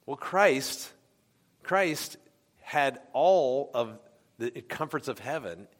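A man's voice: medium pitch, expressive, drawn-out words. A man from the United States preaching a sermon in a conversational way, often asking the congregation questions. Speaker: pastor. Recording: long hall reverb.

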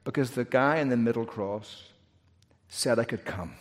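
A preacher doing a blunt plain-spoken thief. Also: male voice, medium pitch, moderate pace, close to an everyday voice. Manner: plain, blunt, matter-of-fact. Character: blunt dying male thief, plain and unbothered. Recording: long hall reverb.

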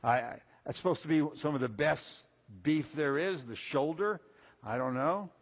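A man preaching a sermon, folksy and animated, acting out little quoted voices as he walks through Scripture. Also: on the high side, normal speed, dull audio. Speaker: pastor.

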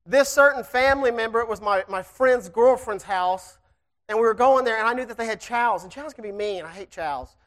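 A preacher telling a personal story to the church in a folksy, animated way and then preaching fervently. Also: mid-range voice, a little fast.

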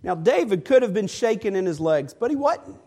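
High-voiced male preacher telling a story. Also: very animated, a little fast, darkish tone. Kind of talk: sermon.

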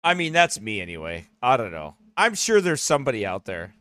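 A man teasing a friend in casual, joking banter, playful and animated. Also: fairly low pitch, fairly quick, no echo, clean studio sound.

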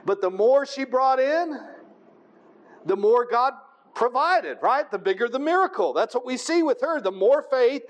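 High-pitched guy preaching, reads the verse then chats it through, keeps asking right?. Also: expressive, unhurried. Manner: conversational, asks the room "right?" often. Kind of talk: sermon.

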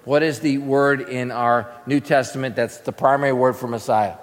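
Speaking at moderate speed in a steady, medium-pitched voice, a preacher teaches scripture to a class in sermon style. He asks the audience questions and answers each one himself, with a long reverb tail behind him.

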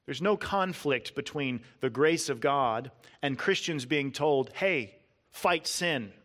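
Here a man gives a sermon in an earnest, forceful way, pressing on each word in a list and going low and gentle when it matters. His pace is a little slow.

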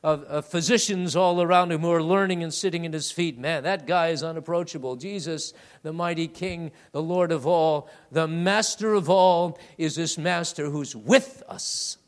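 A man preaching a sermon to his congregation, calling them beloved and swinging between loud emphatic peaks and hushed, low asides. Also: moderate pace, hardly any pauses.

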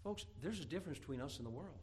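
A man preaching from the pulpit with a somewhat high voice. He talks in a folksy, storytelling way and breaks into emphatic bursts to drive his points home. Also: expressive, rapid-fire, a little mellow, slightly rough. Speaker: pastor. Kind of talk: sermon.

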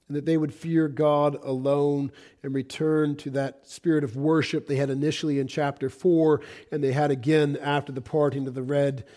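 A man's voice: a little high, dark tone. A man preaching a sermon, reading scripture aloud and explaining it in an earnest, emphatic manner.

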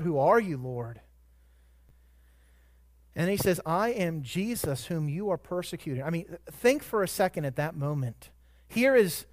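A man with a high, light voice preaching a sermon. He moves from soft, measured reflection to sudden loud, ringing emphasis on key words. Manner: dynamic preaching, swelling to loud emphatic peaks. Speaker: pastor.

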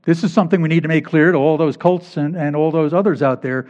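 A man's voice: fairly high pitch, steady tone, quick pace, hardly any pauses, a little mellow. Emphatic man preaching a sermon. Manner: emphatic, repeating key phrases for stress. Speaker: pastor. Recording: dull lo-fi recording.

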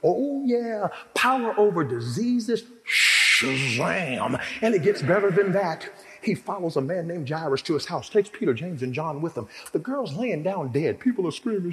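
A man preaching a sermon, telling a story dramatically and acting out the voices of its people, swinging from hushed to loud. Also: sits high, big pitch swings, normal speed, big-room sound, a little hiss or hum.

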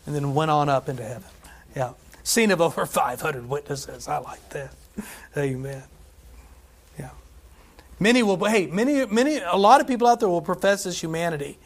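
Speaking to his congregation, this male pastor delivers a lively sermon with a fairly high voice. His style swings between stretched-out, emphatic scripture readings and relaxed, chatty asides punctuated by laughter.

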